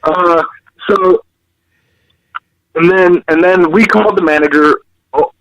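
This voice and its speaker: Brief: male podcast co-host, casual storyteller, slightly high voice, dry close sound. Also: slow, dry recording, lo-fi sound. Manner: animated, repeats words, quotes others.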